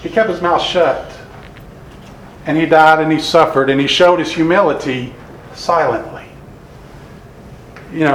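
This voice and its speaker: Male preacher, earnest sermon delivery, somewhat high voice, roomy echo. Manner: earnest, reads scripture slowly. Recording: echoey room.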